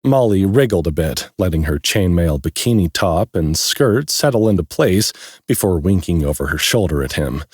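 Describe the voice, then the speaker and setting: Brief: low, husky man narrating a fantasy audiobook, animated delivery. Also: dry recording, studio quality. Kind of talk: scripted narration.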